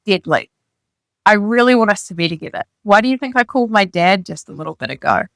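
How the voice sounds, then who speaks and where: A woman reading the part of an excitable young man who proposes, speaking in an earnest, gushing rush. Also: medium pitch, vocal fry, no echo. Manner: earnest, gushing, rapid declarations.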